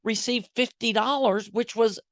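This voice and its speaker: A man's voice: extremely high pitch, steady tone, moderate pace, a bit bright, no room sound, clean studio sound. A man talking as a guest, explaining ideas with enthusiasm and pointing to research. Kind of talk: conversational explaining.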